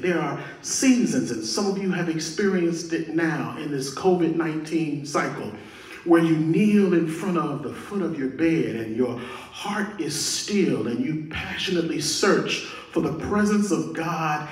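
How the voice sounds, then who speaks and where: A male pastor preaching a sermon, moving from quiet prayer to emphatic, repeated points. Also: fairly high pitch, animated, a little slow. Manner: prayerful and hushed at first, building to emphatic preaching with repetition. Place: church sanctuary. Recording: echoey room, mic at a distance.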